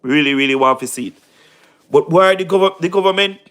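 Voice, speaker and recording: A man's voice: on the high side, fairly quick, a bit bright. A man with a Jamaican accent hosting a casual live stream, tired, mixing patois into his talk and repeating his points as he answers viewers by name. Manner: repeats phrases, mixes in patois, talks to chatters by name.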